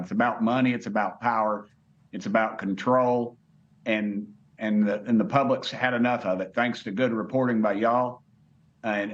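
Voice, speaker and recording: A man's voice: on the low side, muffled recording. A man, a congressman speaking as a guest in a TV interview, blunt and folksy, repeating words as he goes. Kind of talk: live TV interview.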